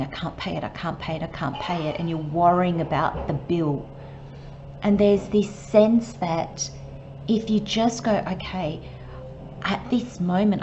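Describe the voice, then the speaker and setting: A woman giving a channelled tarot reading, talking slowly and gently and sometimes dropping to a soft murmur. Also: fairly low pitch, highs cut off, a little hiss or hum. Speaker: tarot reader.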